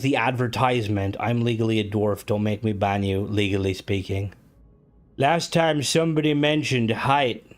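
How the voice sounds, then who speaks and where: A man streaming and chatting casually, rambling with lots of fillers, restarts and swearing. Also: medium pitch. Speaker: game streamer. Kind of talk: casual live-stream chat.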